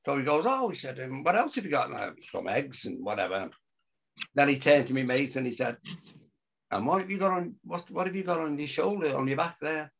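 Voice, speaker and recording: With a gravelly, higher-than-usual voice and a fairly quick delivery, this older man tells a story as a guest in a relaxed interview. He performs the quotes with gusto and keeps breaking into laughter, all captured in muffled, lo-fi sound.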